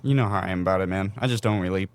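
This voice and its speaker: A man with a low voice drops short, joking remarks into the conversation, blunt and profane. His voice sounds close and dry. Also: racing, clear, resonant tone, dry recording. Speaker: podcast co-host. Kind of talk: casual chat.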